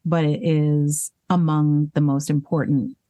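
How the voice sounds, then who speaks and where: Candid, lower-pitched woman voice actress. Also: unhurried, no echo, clean studio sound. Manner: candid and animated, swears freely, laughs at herself. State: hiccuping and burping. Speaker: voice actress and singer, guest. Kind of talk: casual interview conversation.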